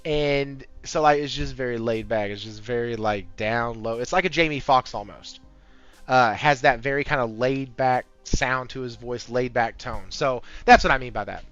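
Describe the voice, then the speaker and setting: A man hosting a casual gaming podcast, talking in an amped-up, high-energy way and swearing freely. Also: moderate pace, a bit bright, dry recording. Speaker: podcast host. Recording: slightly muffled audio with faint background music.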